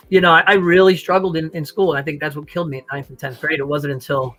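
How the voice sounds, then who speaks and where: A man's voice: fairly high pitch, sharp tone, poor audio. A man from New York, a former student, talking casually on a video call in a rambling way. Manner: rambling, many fillers and restarts.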